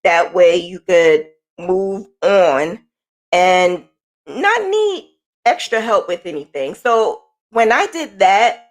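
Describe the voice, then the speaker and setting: A woman's voice: fairly low pitch, very animated, slow. A woman hosting a podcast, telling a personal story in a candid, conversational way. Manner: candid, conversational, shifting pace. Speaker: podcast host.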